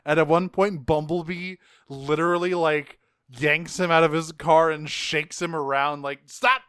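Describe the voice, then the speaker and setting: Smooth-voiced man in casual chat. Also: on the high side, little pitch movement, a little slow, a bit bright, no echo, clean studio sound. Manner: laid-back, swears, laughs often. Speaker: podcast co-host. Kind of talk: casual chat recapping a cartoon.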